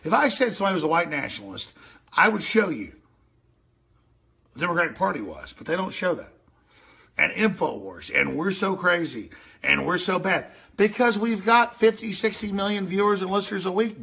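A man hosting a radio show, ranting over news clips, excitable and yelling, with mocking impressions. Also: high voice, moderate pace. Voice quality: gravelly, raspy.

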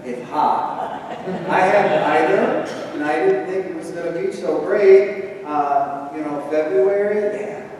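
Chatty pastor in an echoey church. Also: male voice, on the high side, slow pace, darkish tone, slight background noise. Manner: chatty, playful, asks the kids questions. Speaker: pastor giving a children's message. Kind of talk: children's sermon. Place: church sanctuary. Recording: echoey church hall from far off.

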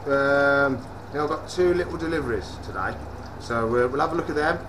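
A man's voice: mid-range voice, fairly quick, background noise. Chatty man coaxing his reptiles. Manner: chatty, coaxes the animals in a soft, doting voice. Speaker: reptile shop owner and vlog host. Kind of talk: casual vlog chat.

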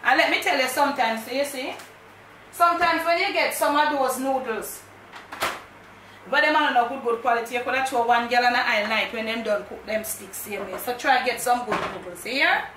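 Jamaican woman cooking host: bright, fairly high voice, chatty and direct, patois mixed in; recorded from across a kitchen. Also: fairly quick, echoey room, far from the mic, noisy background. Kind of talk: casual cooking vlog. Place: home kitchen.

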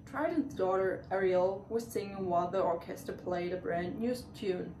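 Woman haltingly reading a storybook. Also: medium pitch, darkish tone. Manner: halting, with stumbles and restarts on words. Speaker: reader. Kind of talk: reading a children's storybook aloud. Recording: echoey room, far from the mic, faint hiss.

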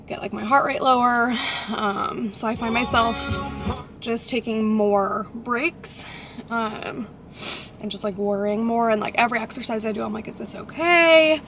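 A woman's voice: on the high side, level tone, a little slow, over music. A young woman vlogging casually while driving, chatty, using "like" a lot and laughing at herself. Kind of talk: casual vlog chat. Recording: road noise from a moving car.

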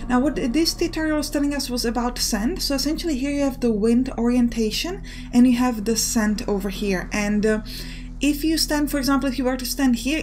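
A young woman hosting a let's play, giving quick, explanatory gameplay commentary full of fillers. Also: fairly high pitch, darkish tone. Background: faint game music.

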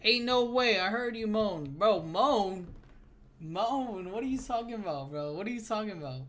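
A young man giving casual let's-play commentary on a horror game, excitable and jumpy, calling everyone "bro" and yelling when startled. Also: sits high, moderate pace. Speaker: gaming YouTuber.

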